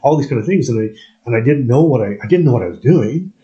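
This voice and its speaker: A man's voice: mid-range voice, lively intonation, fast, warm tone, highs cut off. A man from Canada telling rambling stories in casual chat, restarting sentences and laughing often.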